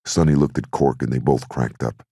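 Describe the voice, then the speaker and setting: A man narrating an audiobook in a steady, measured way. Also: rumbling low, no echo, clean studio sound. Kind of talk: scripted narration.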